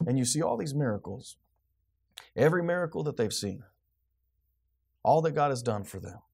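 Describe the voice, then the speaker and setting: A man's voice: medium pitch, animated, normal speed, creaky, darkish tone, husky. A man preaching a sermon, building up with rhetorical questions and acted-out quotes. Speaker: pastor.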